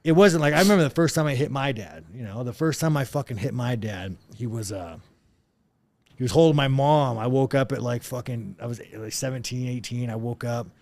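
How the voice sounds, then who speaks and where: 粗口不断的男人讲往事. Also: male voice, mid-range voice, fairly quick, darkish tone, no room sound. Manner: profane, rambling storytelling. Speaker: podcast guest. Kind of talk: casual chat.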